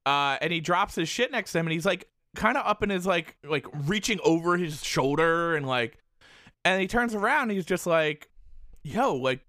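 Guy ranting a story, swears a lot, says like constantly, pitch all over, dry mic. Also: moderate pace, no room sound. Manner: animated, profane, heavy use of "like". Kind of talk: casual storytelling chat.

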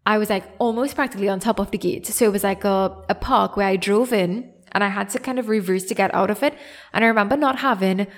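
A young woman with a Trinidadian accent, hosting a podcast and telling a story in a casual, animated, self-deprecating way. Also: mid-range voice, fast. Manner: animated, self-deprecating, acts out quoted voices. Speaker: podcast host.

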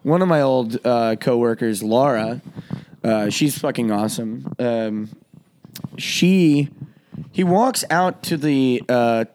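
A man hosting a podcast, with a voice of ordinary middle pitch, tells a long story to friends. He talks casually, curses freely and laughs as he goes. He pushes his voice up loud and high whenever he quotes someone. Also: slow, a little hiss or hum. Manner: profane, laughing often while he tells the story; jumps into loud, high voices when quoting people. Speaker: podcast host.

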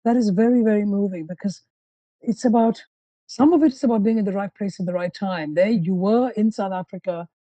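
A podcast host with a very mellow, dark-toned voice, asking probing questions and recapping the guest's story. The sound is dry and close. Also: mid-range voice, a little fast, no echo, poor audio. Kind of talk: interview conversation.

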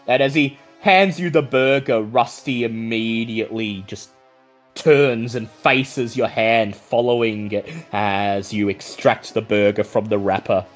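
A man running a tabletop game as game master, narrating scenes descriptively with frequent pauses. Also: on the low side, faint music behind.

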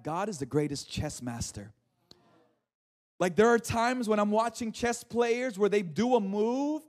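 Very high-voiced man preaching animatedly. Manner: animated storytelling preaching, jokes and crowd calls. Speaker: pastor. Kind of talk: sermon.

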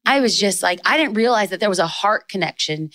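A young adult woman talking as a podcast guest in casual chat, telling stories in quick bursts and jumping higher when she quotes people. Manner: storytelling, fast bursts with excited rises in quoted lines. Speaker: podcast guest, author and speaker.

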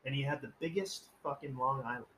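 A man's voice: mid-range voice, fast talker, pushed and bright, slight background noise, rough recording. A man hosting a casual podcast, telling stories in a rambling, profane, joking way and acting out quoted voices. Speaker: podcast host.

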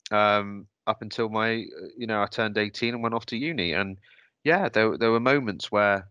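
A man's voice: on the low side, moderate pace, bright, forceful tone, clean tone, dry recording, dull audio. A man telling a personal story on a podcast, hesitant and reflective, often restarting his sentences. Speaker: podcast host.

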